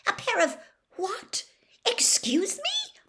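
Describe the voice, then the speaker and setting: A prim, clever teenage girl bristling with indignation, as a woman reader voices her. Her voice jumps high and turns sharp and breathy. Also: wildly swooping pitch, takes it slowly, slight background noise, heavily acted. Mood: indignant.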